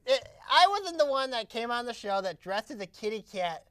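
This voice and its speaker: A middle-aged woman on a casual sports talk show, talking in a sassy, animated way. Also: a little high, normal speed, few pauses, no echo. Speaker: panelist.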